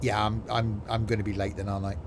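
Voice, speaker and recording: A man casually commenting while playing a train simulator, chatty and self-mocking, quick to exasperation. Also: on the low side, flat delivery, background noise.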